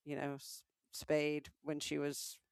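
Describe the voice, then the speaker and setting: A woman's voice: low voice, monotone, slow pace, creaky, clean tone, dry recording, clean studio sound. Wry Southern woman co-host. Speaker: podcast co-host. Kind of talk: casual chat.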